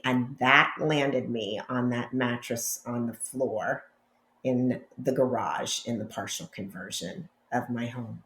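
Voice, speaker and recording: Woman interview guest, unhurried and candid, roomy echo on the audio. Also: rumbling low, fairly bright tone. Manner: slow, reflective, candid storytelling. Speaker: podcast guest. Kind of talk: conversational interview. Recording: echoey room audio.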